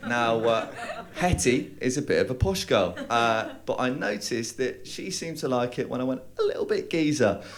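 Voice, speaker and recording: A young man with a London accent tells stand-up stories in a deadpan, halting way, full of "uh"s. His voice sits mid-range. Loud audience laughter rolls in behind him in a live club. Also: medium pitch, a crowd in the background. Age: young adult. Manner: deadpan storytelling with hesitant fillers and bursts of put-on voices. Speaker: stand-up comedian. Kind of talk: stand-up comedy set.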